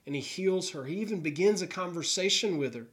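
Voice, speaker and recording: Male pastor, sermon delivery, earnest narrative style, slightly high-pitched. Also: animated, brisk, fairly bright tone. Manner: earnest storytelling, voicing characters' thoughts. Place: New York.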